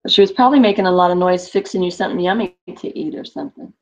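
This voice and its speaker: A woman teacher runs an online class, explaining points with chatty examples and side remarks. Her voice sits a little low. The audio is dull and lo-fi. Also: racing, darkish tone. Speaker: Spanish teacher.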